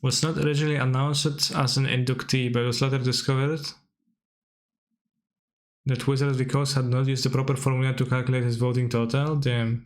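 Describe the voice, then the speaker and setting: A man's voice: mid-range voice, little pitch movement, fairly quick. A man giving casual stream commentary while reacting to old videos, chatty and wry, laughing often and talking loosely with many filler words.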